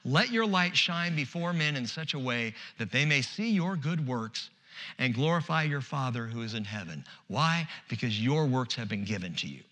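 A man preaching an expository sermon as pastor, animated and conversational, with humorous asides. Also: mid-range voice, big-room sound.

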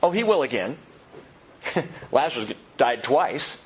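A man preaching a sermon as pastor, swinging from loud, high emphasis to hushed, slow reflection. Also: sing-song. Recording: dull, muffled low-fi sound with faint background hum.

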